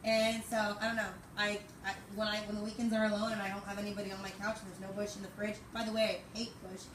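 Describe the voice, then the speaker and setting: A woman's voice: mid-range voice, little pitch movement, fast talker. A young woman in her twenties giving an informal memorial tribute, rambling through anecdotes and often laughing. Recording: echoey, distant mic, background noise.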